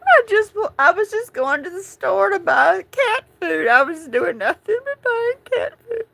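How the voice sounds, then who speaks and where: A woman talks to her followers on a phone livestream from home, her voice high and drawn out slowly. She is upset and tearful, rambling with shaky laughs and crying mixed into her words. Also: sing-song, gravelly, bright, forceful tone. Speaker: livestream host. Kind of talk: live-streamed chat to followers.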